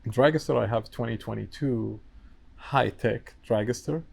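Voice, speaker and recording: A man's voice: medium pitch, a little slow, vocal fry, slight background noise. A man chatting casually as a podcast guest, in broken English that is not his first language, talkative and peppered with "you know". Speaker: guest, wiring business owner.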